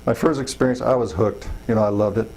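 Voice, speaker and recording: This middle-aged man, a wildland fire chief, spins folksy, meandering tales in a relaxed interview, leaning on fillers and acting out quotes. He talks fast in a fairly low, slightly mellow voice with fairly even intonation, and the recording quality is low.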